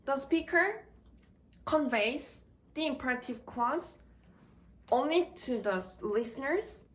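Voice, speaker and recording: Slow, deliberate woman teaching grammar. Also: high-pitched, animated, fairly bright tone. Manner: slow, deliberate, halting phrase by phrase. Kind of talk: slow scripted grammar lecture.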